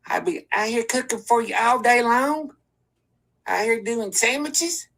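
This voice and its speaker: A man voicing a frail, dramatic old grandmother who is on oxygen, in a comedy skit, with a shrill, wailing way of complaining. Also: expressive, unhurried, creaky, fairly bright tone, full character voice. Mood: nagging.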